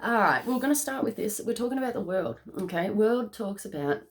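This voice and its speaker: Excitable woman giving a card reading. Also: mid-range voice, brisk. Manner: excitable, laughs often, checks in with "okay?". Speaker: tarot reader. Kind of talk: casual spiritual card reading.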